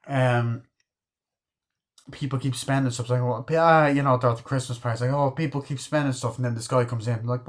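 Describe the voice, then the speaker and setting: A man's voice: medium pitch, steady tone, fairly quick. A man casually reviewing a film he loves, rambling enthusiastically with lots of swearing. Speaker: movie reviewer.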